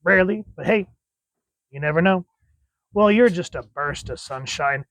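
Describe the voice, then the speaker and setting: An excited man talks casually through a comic book review. His voice sits slightly high, and the sound is dry and close. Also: moderate pace, dry recording. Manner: enthusiastic, chatty.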